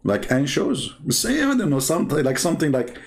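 Male host, Arabic accent, native Arabic speaker, mocking and rambling livestream commentary, highly animated pitch. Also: fairly quick. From Middle East. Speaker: channel host and religion critic.

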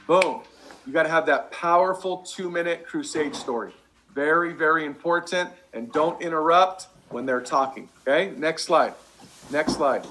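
Male sales coach, high bright voice, pumped-up and punchy, hammers phrases twice. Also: normal speed, faint music behind. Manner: fired-up, emphatic, repeats key lines. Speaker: sales trainer presenting slides. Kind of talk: motivational sales training talk.

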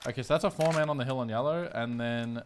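A man streaming a battle game, giving quick callouts to his squad. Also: medium pitch, slight background noise. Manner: rapid tactical callouts, laid-back laughs. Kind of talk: gaming callouts. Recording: loud gunfire over the voice.

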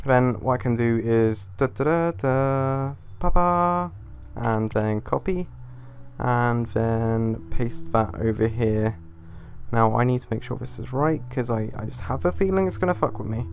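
Young man, gameplay commentary, muttering, swearing, easily annoyed, mid-pitched voice. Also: creaky, a little hiss or hum. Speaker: gaming YouTuber.

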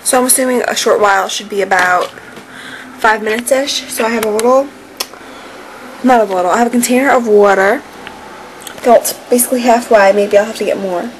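A woman's voice: a little high, fairly quick, pauses often, slight background noise, poor audio. A young woman chatting casually on her home vlog, bubbly and full of "like" fillers. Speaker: vlogger.

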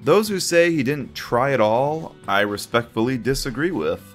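Man, video essay host, conversational review, lively intonation. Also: medium pitch, moderate pace, faint music behind. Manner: opinionated, conversational commentary. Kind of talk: reviewing a children's TV series.

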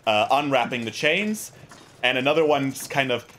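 A man's voice: mid-range voice, normal speed. Guy running the game, lots of uhs, easygoing, average voice. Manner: relaxed, with frequent filler words. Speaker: game master. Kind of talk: narrating a tabletop game.

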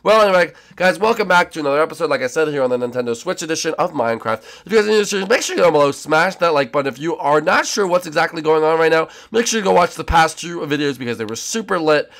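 A bratty young turtle prince shouts and whines in a high, bouncy voice, as a man puts him on. He hosts a game video with cocky, excitable energy and a gravelly edge. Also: rapid-fire, hardly any pauses. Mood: hyped. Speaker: host.

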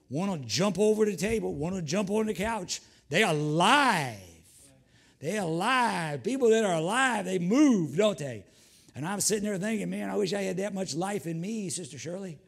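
A man's voice: high-pitched, gravelly, darkish tone. Fervent older preacher man. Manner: fervent preaching with repeated hallelujahs, folksy asides. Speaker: pastor. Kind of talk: sermon.

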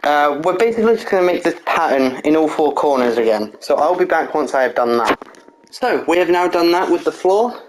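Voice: mid-range voice, animated, fairly quick, a little hiss or hum, low-quality recording. A narrator giving a casual walkthrough voice-over of a block build, explaining each step methodically, counting aloud and correcting small slips with an apology.

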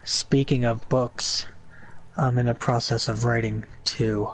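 A man's voice: mid-range voice, little pitch movement, low-quality recording. A young man chatting casually with friends during a live game stream, joking and acting out quotes. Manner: playful, acts out quotes, quick bursts of laughter.

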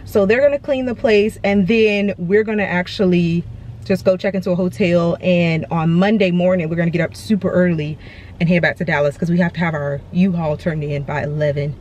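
A woman's voice: on the low side, fairly even intonation, brisk, darkish tone, dull audio, slight background noise. A woman chatting casually to viewers on her vlog. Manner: chatty, talks straight to viewers. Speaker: vlogger. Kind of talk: casual chat to camera. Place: apartment and outdoors on moving day.

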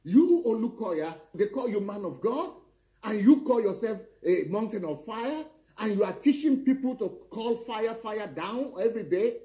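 A man's voice: high-pitched, lively intonation, moderate pace, dark tone. A middle-aged man, preaching in a confrontational, declaiming way with pointed rhetorical questions. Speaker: pastor. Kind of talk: fiery preaching monologue.

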